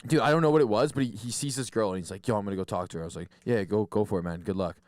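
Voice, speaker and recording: A man's voice: on the low side, very fast, a little mellow, dry recording. Young male co-host, casual, profane party anecdotes, dry sound. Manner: crude storytelling, swears a lot. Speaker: podcast co-host. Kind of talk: casual chat.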